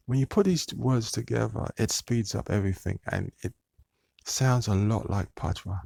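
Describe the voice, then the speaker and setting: A man's voice: on the low side, moderate pace, vocal fry, darkish tone, no echo. A man hosting his own channel, talking to viewers in a meandering, hesitant monologue full of fillers and restarts. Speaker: channel host.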